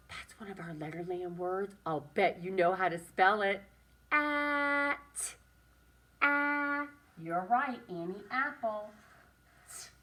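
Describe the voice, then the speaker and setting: A woman teaching a writing and drawing lesson to young children, speaking slowly and encouragingly and stressing each word. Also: mid-range voice, pushed and bright, distant mic.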